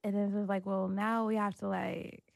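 A woman in casual chat, talking in a relaxed, halting way and trailing off into fillers. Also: mid-range voice, vocal fry, no room sound.

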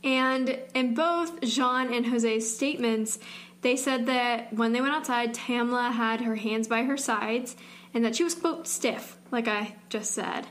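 A young woman with a slight Southern twang and a somewhat high voice co-hosts a casual true-crime chat. She talks loosely, peppering her sentences with "like" and trailing off into restarts. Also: measured pace, a bit bright. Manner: chatty, heavy use of "like", trailing restarts. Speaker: podcast co-host.

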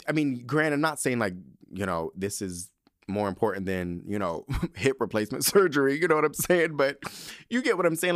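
Guy podcasting, super expressive swoopy voice, loose and profane, slangy, dry close mic. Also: mid-range voice, dry recording. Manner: candid, profane, chatty with frequent slang asides. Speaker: podcast host. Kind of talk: casual chat.

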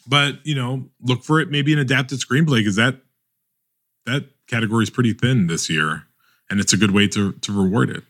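A man hosting a podcast, talking animatedly in a casual roundtable chat with many quick restarts. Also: mid-range voice, fairly bright tone. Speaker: podcast host.

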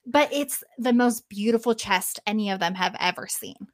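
Woman telling a story, lively and casual. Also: mid-range voice, normal speed, no echo. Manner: lively, casual swearing, acts out quotes. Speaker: podcast host.

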